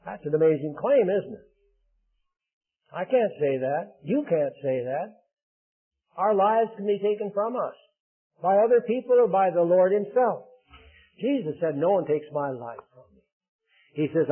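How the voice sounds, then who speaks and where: An older man preaching a sermon in an earnest, emphatic way, building to loud declarations. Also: sits high, expressive, a little slow, long pauses, husky. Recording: tinny phone-like band.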